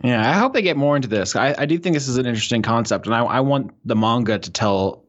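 A man's voice: mid-range voice, lively intonation, fast, dull audio. An American man co-hosting a casual podcast chat, laughing easily and rambling loosely. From United States. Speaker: podcast co-host.

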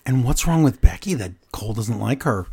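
A man co-hosting a podcast, recapping matches in casual, animated storytelling and putting on voices for the lines he quotes. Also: mid-range voice, fairly quick, breathy edge. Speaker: podcast co-host.

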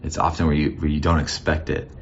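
Man, pastor, sermon, very low voice, conversational, reflective, restarts often, muffled lo-fi recording. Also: little pitch movement, fast, a little hiss or hum.

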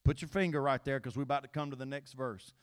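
A male pastor, preaching a sermon that swings between quiet Bible reading and shouted, pleading appeals. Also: mid-range voice, fairly even intonation, fast.

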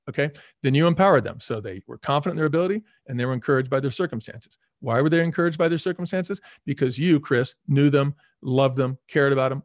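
Middle aged guy, quick talker, animated interview stories, does little voices for people, dry close mic. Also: on the high side, dry recording. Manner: animated storyteller, acts out quoted voices, repeats words for emphasis. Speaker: former restaurant chain CEO, guest. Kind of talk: casual storytelling interview.

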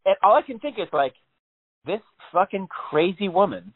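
A man's voice: high-pitched, lively intonation, normal speed. A man telling a story in casual, rambling chat on a podcast, with lots of swearing. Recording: tinny phone-like sound.

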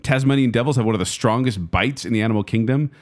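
A man co-hosting a podcast in a casual chat, with quick, playful reactions. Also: medium pitch. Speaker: podcast co-host.

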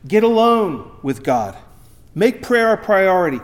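A pastor preaching a sermon, emphatic, his voice swinging between loud and quiet. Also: high-pitched, very animated, measured pace.

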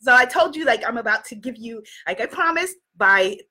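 A woman from New York giving a casual motivational talk to a live audience, animated and laughing often, greeting viewers by name. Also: on the high side, a little fast. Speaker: livestream host.

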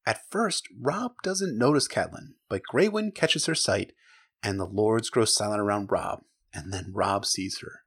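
A podcast host recaps a book chapter in a lively, casual, joking, sarcastic way, swearing freely and acting out the characters' lines. His voice is lowish with a breathy edge, and he talks a little slowly.

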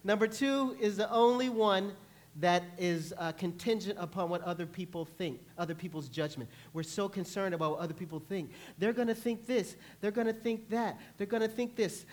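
Man, pastor, sermon, high-pitched, animated storytelling, playful. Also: normal speed. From New York. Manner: animated storytelling, acts out panicked voices. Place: church.

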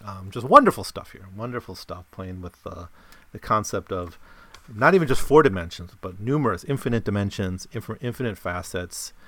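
A man in a casual, rambling discussion of a story he has read, with animated bursts. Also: lowish voice, moderate pace, dry recording. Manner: rambling, many fillers and restarts, animated bursts. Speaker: podcast host discussing a story.

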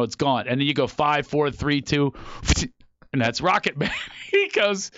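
A man from Philadelphia, a comedian guest, telling comic stories in a casual chat with animated, self-mocking energy. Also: mid-range voice, dry recording, highs cut off.

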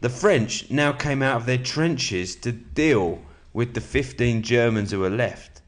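A man with a slightly sore throat, hosting a podcast in a relaxed, matey way and reading aloud from a book at an even, measured pace. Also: medium pitch. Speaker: podcast host.

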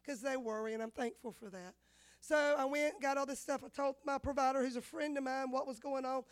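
Woman pastor in her fifties, high bright voice, lively sermon storyteller. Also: fairly quick. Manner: animated storyteller, acts out dialogue. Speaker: women's pastor.

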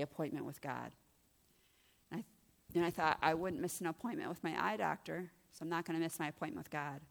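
Middle-aged woman, ministry director, testimony sermon, lowish voice, animated storytelling, long hall reverb. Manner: animated storytelling, acts out quoted dialogue. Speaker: ministry director giving encouragement.

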